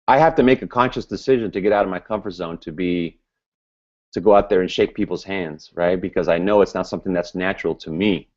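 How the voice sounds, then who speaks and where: A man giving a motivational business training talk to a group, speaking loud and fired up. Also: low-pitched, fairly quick. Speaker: business seminar presenter. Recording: dull lo-fi recording.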